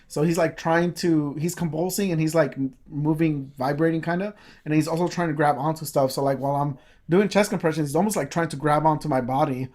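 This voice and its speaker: A man's voice: on the high side, brisk, darkish tone. A man co-hosting a casual podcast, telling a long story with many fillers, restarts and swear words. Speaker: podcast co-host.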